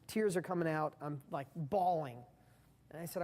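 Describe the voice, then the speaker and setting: A man's voice: a little high, normal speed, darkish tone, big-room sound. A man giving an earnest, impassioned motivational talk, speaking straight to the viewer.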